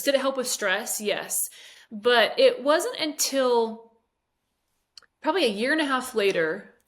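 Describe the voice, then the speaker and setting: A woman's voice: a little high, a bit bright. A woman in her forties, a fitness coach, telling a personal story candidly and emotionally, with hesitations. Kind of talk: interview conversation.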